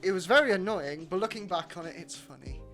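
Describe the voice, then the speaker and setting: A man's voice: high voice, animated, fast, a bit bright, soft background music. A man co-hosting a podcast, rambling and self-deprecating in casual chat. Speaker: podcast co-host.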